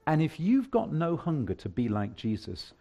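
A male preacher giving a sermon, with emphatic preaching that swings from hushed lines to loud declarations. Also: fairly high pitch, big pitch swings, normal speed.

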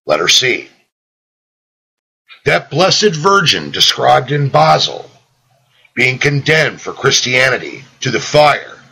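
A man reading an old devotional book aloud in a slow, solemn way, lifting his voice on the quoted sayings. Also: mid-range voice, gravelly, breathy edge, poor audio. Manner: slow, solemn reading with lively rises on quotations; reads out "quote" and "close quote" markers. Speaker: audiobook reader.

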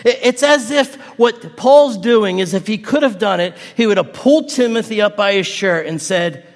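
A male pastor delivering a sermon to his congregation, building to emphatic repeated exhortations and dropping soft and low for prayer. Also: expressive, normal speed, few pauses, long reverb tail. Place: church sanctuary.

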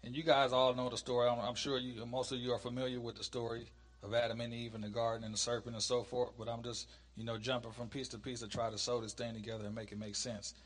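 Man slowly teaching a Bible study. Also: medium pitch, little pitch movement, in a large hall. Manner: reads scripture slowly and emphatically, then talks casually. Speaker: preacher.

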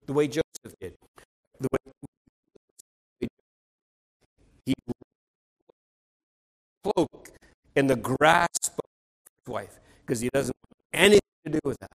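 A man's voice: medium pitch, animated, slow pace, vocal fry, long pauses, low-quality recording. Earnest male preacher giving a sermon. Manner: earnest, emphatic, restarts phrases.

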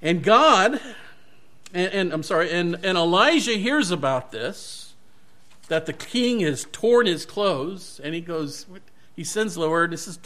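A man's voice: sits high, expressive, unhurried, fairly bright tone. A male pastor giving a sermon, retelling a Bible story animatedly and correcting himself as he goes.

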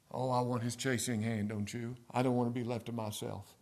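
A man who pastors a church, preaching a sermon and swinging from near-whispers to loud, stressed words. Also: mid-range voice, steady tone, fairly quick. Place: church sanctuary.

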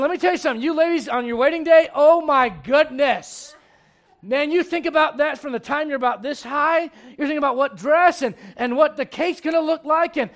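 Man, middle-aged, pastor, very high voice, sermon, dynamic swings from loud to hushed, acts out voices. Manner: acts out voices in little scenes.

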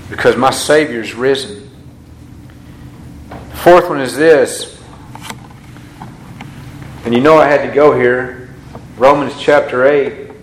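A man preaching a sermon as pastor, swinging between hushed asides and loud emphatic passages. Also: mid-range voice, roomy sound, slight background noise, poor audio.

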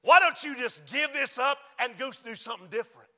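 A scornful devil mocks and belittles, hurling accusation after accusation in a high, sharply bright voice, as a preacher puts him on. The sound rings with the long reverb of a church hall. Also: male voice, brisk. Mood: taunting. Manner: mocking, belittling taunts.

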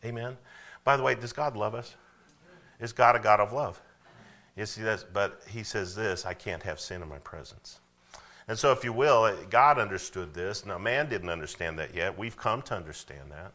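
A man's voice: fairly low pitch, moderate pace, sharp tone. A man preaching a sermon in a conversational way, with frequent asides and calls for the congregation to recite verses with him. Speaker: pastor.

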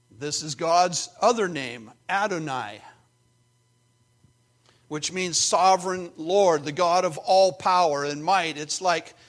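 A male pastor preaches an earnest sermon with a slightly high voice. He drops to quiet, confiding asides and then builds back up to emphatic points. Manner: earnest, swings from hushed to emphatic.

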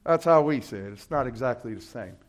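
A male pastor from Brooklyn with a New York accent, preaching a sermon, swinging between loud emphatic scripture readings and low quiet asides. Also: expressive, brisk.

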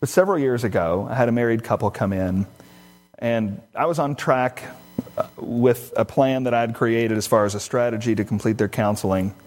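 A middle-aged male pastor delivers a sermon in a mid-pitched voice. He tells stories, acting out the quoted dialogue and shifting between quick and slow phrasing. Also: darkish tone. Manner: storytelling, acts out quoted dialogue, varied pace.

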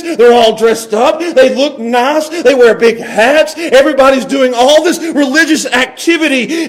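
A pastor delivering an emphatic sermon in a church, chuckling often and repeating words as he builds his points. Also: high voice.

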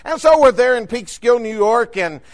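A man delivers a sermon from the pulpit, recounting a story with emphatic, rhythmic phrasing. His speaking voice sits unusually high for a man. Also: normal speed. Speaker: preacher.

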